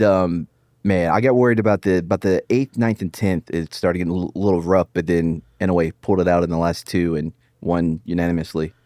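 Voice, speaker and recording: Lowish male co-host, excitable banter, dry close sound. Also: no room sound. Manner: excitable, joking, laughs often. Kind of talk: casual podcast chat.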